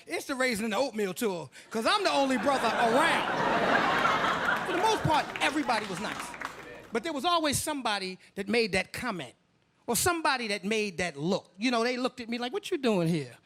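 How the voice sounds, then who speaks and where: A man's voice: very high-pitched, lively intonation, a little fast, bright, forceful tone, a little hiss or hum. A man performing a stand-up comedy set, telling stories and acting out the people in them. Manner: storytelling, acts out characters, playful.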